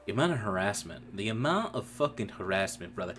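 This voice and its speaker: A man's voice: fairly low pitch, big pitch swings, fairly quick. A young man telling a rambling, profane story about an old coworker in a casual stream chat. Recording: music playing behind.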